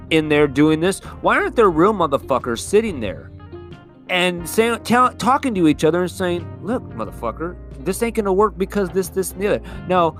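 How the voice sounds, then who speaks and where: A man hosts his own podcast and rants about politics in a loose, profane, rambling style. He gets heated and swears freely, with a guitar playing faintly in the background. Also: on the high side. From California. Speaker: podcast host. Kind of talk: casual political rant. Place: California.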